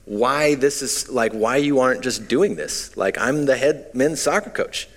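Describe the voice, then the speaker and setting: A preacher putting on an indignant British coach. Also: male voice, mid-range voice, unhurried, voice pushed up, natural voice. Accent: put-on British. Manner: indignant, insistent. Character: irate male British soccer coach. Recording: long hall reverb.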